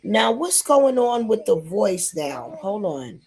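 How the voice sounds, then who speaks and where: A woman from New York hosting a casual live stream, talking straight to her viewers in a lively way. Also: mid-range voice, slow. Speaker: livestream host. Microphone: phone or computer mic.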